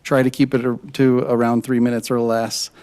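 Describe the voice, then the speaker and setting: A man chairing a public meeting, giving procedural instructions with halting restarts. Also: mid-range voice, level tone, darkish tone, clear, resonant tone. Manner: halting, repeats words when starting.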